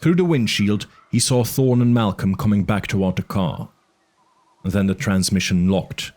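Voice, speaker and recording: A man narrating an audiobook with an expressive, dramatic reading. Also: fairly low pitch, moderate pace.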